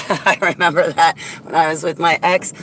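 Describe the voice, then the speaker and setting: A blunt, argumentative woman rants in a casual vlog from around her car. Clear traffic and street noise runs behind her voice. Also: deep voice, steady tone, moderate pace. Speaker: vlogger.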